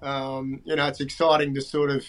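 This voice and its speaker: An older man, a fishing TV presenter as guest, talking in a relaxed, halting way with many ums. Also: mid-range voice. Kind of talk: casual interview talk.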